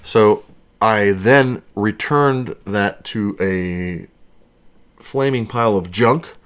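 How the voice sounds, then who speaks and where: Male host, low-pitched, chatty and jokey, loose livestream banter from a home studio. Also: extremely slow, a bit bright, clean tone. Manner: rambling, joking, answers chat questions as they come in. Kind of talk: casual livestream chat.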